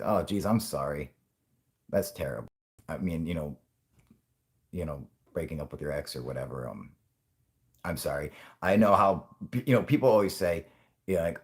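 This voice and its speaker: A man's voice: low voice, normal speed, darkish tone. A man in his twenties hosting a casual livestream, stoned and rambling, swearing constantly and laughing often. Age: 20s. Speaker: channel host.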